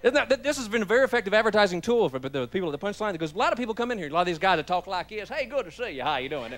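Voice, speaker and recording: A man's voice: sits high, expressive, racing, fairly bright tone. A man doing stand-up comedy as emcee in a club, telling folksy stories about his father.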